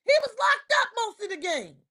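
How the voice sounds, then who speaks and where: A woman with a very high voice rants on a livestream. She's heated and exasperated, trash-talking her team's players and coaches. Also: big pitch swings, normal speed, bright, forceful tone. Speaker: livestream host. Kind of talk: ranting sports reaction livestream. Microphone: streaming mic.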